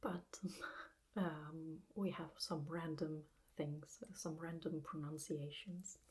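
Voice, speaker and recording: A woman with an Italian accent whispering a language lesson in a breathy ASMR voice, with hesitant fillers. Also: sits low, steady tone, takes it slowly, darkish tone. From Italy. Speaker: language teacher.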